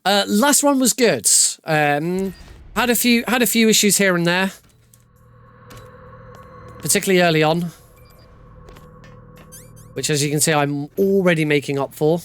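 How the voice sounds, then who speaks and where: A man's voice: high-pitched, measured pace, pauses often, smooth, soft background music. A man giving casual, joking live commentary while playing through a video game speedrun. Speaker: speedrunner streamer. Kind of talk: live commentary over gameplay.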